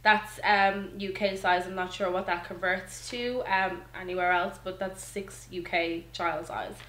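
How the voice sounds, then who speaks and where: A young mother vlogging at home, talking slowly and easily with lots of fillers. Her voice sits at a middle pitch. The room around her is echoey. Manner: chatty and relaxed, full of ums and likes. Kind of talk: casual chat to camera.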